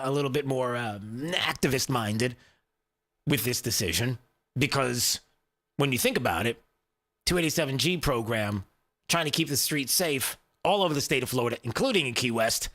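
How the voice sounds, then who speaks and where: Talk radio host, male, loose rambling delivery full of uhs, forceful bright tone. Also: medium pitch, expressive, brisk. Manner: rambling, conversational, lots of fillers and restarts.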